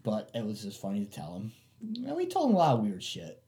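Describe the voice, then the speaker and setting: A man's voice: fairly low pitch, wildly swooping pitch, fast, dark tone. A man in casual chat, a laid-back storyteller who says "dude" a lot.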